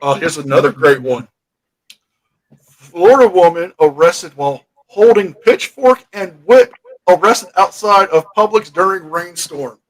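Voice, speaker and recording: A man's voice: high-pitched, lively intonation, measured pace, poor audio. A man hosting a casual chat, reading out news headlines playfully. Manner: playful, reads headlines aloud. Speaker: host.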